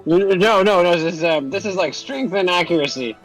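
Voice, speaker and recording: High-voiced man playing a bragging goblin. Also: moderate pace, soft background music, rough recording. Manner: boastful, hammy in-character banter. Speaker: player. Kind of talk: playing a goblin in a tabletop game.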